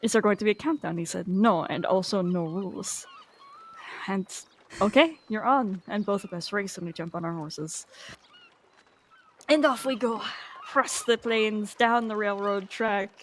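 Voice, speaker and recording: A woman with an ordinary mid-range voice telling a story in character. She is animated and acts out the other people's lines as she goes, with faint noise behind her. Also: mid-range voice, normal speed. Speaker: roleplay game player.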